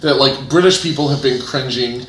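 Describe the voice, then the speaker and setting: A man talks as an interview guest, spinning animated stories full of fillers and false starts. His voice sits at an ordinary middle pitch. The recording has a roomy echo. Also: moderate pace, a little hiss or hum. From United States. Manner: animated storytelling, many restarts and fillers. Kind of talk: casual interview chat.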